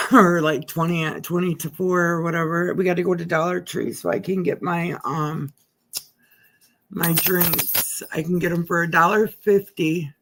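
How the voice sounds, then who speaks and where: A woman's voice: lowish voice, fairly even intonation, a little slow, fairly bright tone, slight background noise. A middle-aged woman livestreaming from her living room, rambling in casual chat as if talking to herself. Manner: chatty, talks to herself. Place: living room at home by a window.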